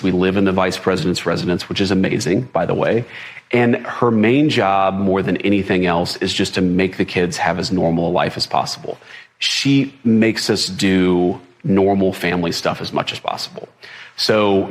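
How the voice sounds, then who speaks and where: Middle-aged politician, man, low voice, easy conversational delivery, lots of "like" and restarts. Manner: relaxed, many fillers and restarts. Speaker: politician being interviewed. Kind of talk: casual interview answers.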